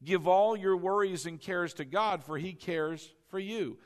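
A man pastor preaching a sermon, animated and leading the congregation to repeat lines after him. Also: high voice, a little slow.

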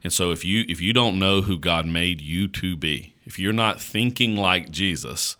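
Deep-voiced man with a Southern drawl. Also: bright, forceful tone. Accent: rural North Carolina Southern. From North Carolina, USA. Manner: slow country drawl, conversational, often asks "right?". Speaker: pastor. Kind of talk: casual podcast chat.

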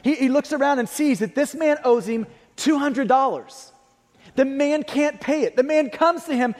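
A man preaching a sermon, emphatic, repeating key phrases and swinging between loud and hushed. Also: very high voice, expressive, normal speed. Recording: long hall reverb.

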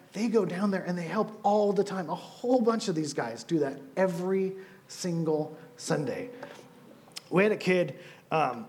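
High-voiced casual youth pastor. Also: male voice, a little hiss or hum. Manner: casual, storytelling, animated asides. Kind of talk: sermon.

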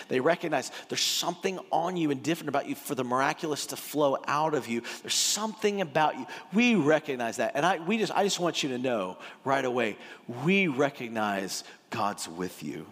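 A man giving a sermon as pastor, with a casual, joking, animated delivery. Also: mid-range voice, moderate pace, hardly any pauses. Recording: long hall reverb.

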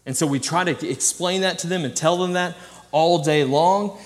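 Youth pastor, male, somewhat high voice, lively self-deprecating sermon delivery, long church reverb. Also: moderate pace. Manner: animated storytelling with self-deprecating humor. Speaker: student ministry pastor. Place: church sanctuary.

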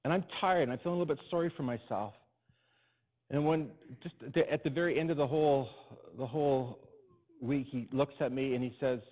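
A pastor telling a personal story in a sermon, building to emphatic, repeated refrains. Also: male voice, medium pitch, a little fast. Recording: dull lo-fi recording.

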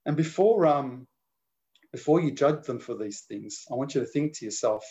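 A man's voice: mid-range voice, animated, normal speed, warm tone, muffled recording. A man preaching a sermon in an earnest, conversational way, often restarting his phrases.

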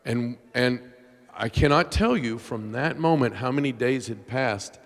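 A middle-aged man preaching in a large church hall, his voice trailing off into a long reverb. He tells his story with raw emotion, sinking to near-whispers and then climbing to shouts. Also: mid-range voice, takes it slowly. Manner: emotional, swings from hushed to shouting. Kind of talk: sermon storytelling.

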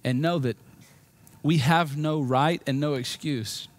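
A man with a Southern US accent preaching a sermon as pastor, swinging between loud emphasis and quiet, low moments. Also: slow.

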